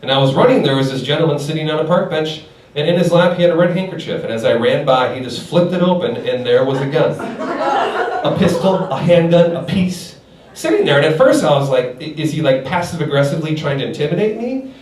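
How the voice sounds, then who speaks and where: A man's voice: fairly high pitch, expressive, fairly quick. A man performing a stand-up comedy set on a club stage, telling stories animatedly and chuckling through his punchlines. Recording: echoey club from a distance, loud noise.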